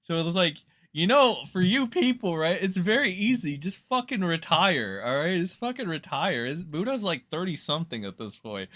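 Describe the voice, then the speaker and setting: Male streamer host, bright edgy voice, crude mocking rant. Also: sits high, very animated, normal speed, hardly any pauses. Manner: crude, mocking, swears constantly. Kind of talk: profane ranting commentary.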